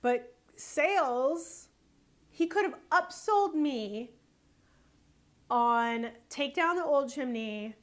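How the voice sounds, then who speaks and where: A woman photographer and small business owner giving casual sales advice through a story, animated and exasperated, repeating words for emphasis. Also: high voice.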